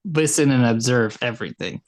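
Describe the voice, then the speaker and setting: A man's voice: medium pitch, animated, brisk. A laid-back man co-hosts a casual podcast with a mid-range voice. He speaks sparingly and drily, keeping his remarks short. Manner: laid-back, dry, few words. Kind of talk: casual chat.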